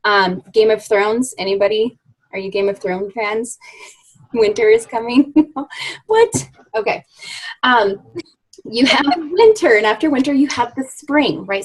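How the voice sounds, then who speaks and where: A woman's voice: fairly high pitch, a little slow, husky, poor audio. A woman in her thirties coaching her team in a casual live video chat, chatty and upbeat with many fillers.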